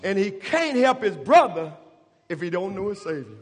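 A man preaching a sermon in a church, impassioned and rising to shouts. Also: high voice, very animated, moderate pace, breathy edge. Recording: long reverb of a church hall.

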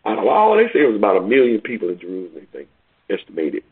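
A man a sermon, repeating his points in call-and-response style and rising to near-shouts on key lines. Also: fairly low pitch, huge pitch swings, very fast, husky. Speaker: preacher. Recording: tinny phone-like radio broadcast.

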